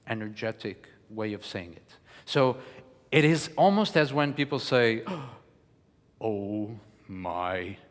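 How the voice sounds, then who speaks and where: A man lecturing and coaching verse declamation, animated and encouraging, with frequent hesitation fillers. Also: mid-range voice, big-room sound. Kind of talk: teaching lecture with spoken demonstrations.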